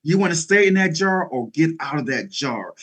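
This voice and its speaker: A man's voice: a little high, lively intonation, normal speed, a bit bright. A middle-aged man giving an interview as a guest speaker, talking in an emphatic, preacherly way with bursts of energy. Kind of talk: motivational interview talk.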